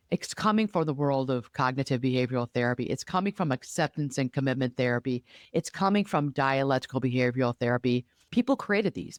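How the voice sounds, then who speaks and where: A woman who works as a therapist and life coach hosts a podcast, speaking casually, emphatically, and with animation in quick bursts. Her voice is low, and the recording is dry with clean studio sound.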